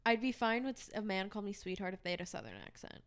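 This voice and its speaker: A young woman co-hosting a casual chat podcast, bubbly and expressive, often soft and giggly. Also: mid-range voice, racing. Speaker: podcast co-host.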